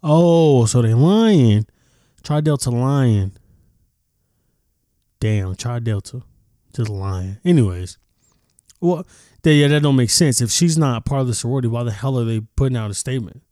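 A man talks through a casual reaction vlog in a blunt, profane way, stopping now and then to clear his throat. His voice sits at an ordinary pitch with a warm, dark tone. The sound is dry and close. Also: moderate pace, long pauses, no room sound. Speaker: commentary vlogger.

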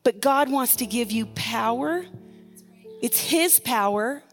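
A woman's voice: on the high side, lively intonation, takes it slowly, faint music behind. A middle-aged woman pastor preaching a sermon, telling a personal story with earnest urgency.

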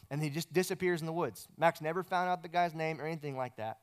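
A man preaching, his voice sitting a little high and coming through smooth and clear. He tells a long story in a relaxed, conversational way, often restarting on a repeated word. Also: quick pace, few pauses. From United States. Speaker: pastor. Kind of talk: sermon.

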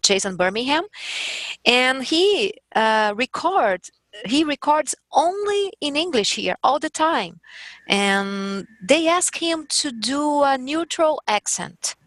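Slow-talking woman. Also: high-pitched, sing-song, a bit bright, no echo. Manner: careful, halting English with a strong accent. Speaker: voice actor guest. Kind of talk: podcast roundtable chat.

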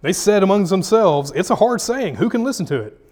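A man's voice: high-pitched, sing-song, fairly quick, darkish tone, big-room sound. Folksy man teaching Bible study. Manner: folksy, paraphrases scripture in slangy speech.

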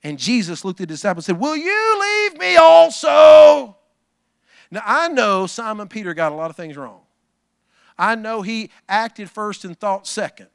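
A man preaching a sermon, folksy and talking to the congregation, swinging from low asides to shouted calls. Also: lively intonation, moderate pace, no echo, clean studio sound. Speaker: pastor.

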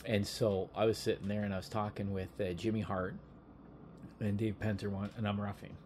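A man co-hosting a wrestling podcast, talking casually and telling stories with quick asides and laughter. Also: on the low side, flat delivery, a little mellow. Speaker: podcast co-host. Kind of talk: casual chat. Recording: faint background noise.

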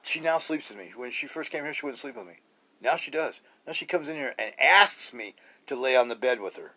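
A man's voice: medium pitch, animated, fast, a bit bright. A middle-aged man recording a spiritual podcast on a cheap phone, talking casually with profanity, restarts and repetition. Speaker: podcast host. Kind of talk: rambling spiritual podcast monologue.

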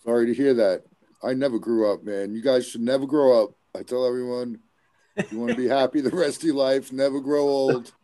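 A man's voice: medium pitch, fairly even intonation, fairly quick, dark tone. A man in casual podcast chat, joking and laid-back.

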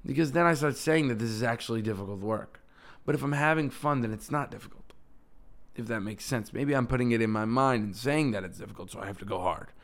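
A man's voice: mid-range voice, fast, creaky. A young adult man hosting his own podcast, talking casually and upbeat, often restarting and correcting himself. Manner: rambling, self-correcting, upbeat. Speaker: podcast host. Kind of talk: casual solo podcast talk.

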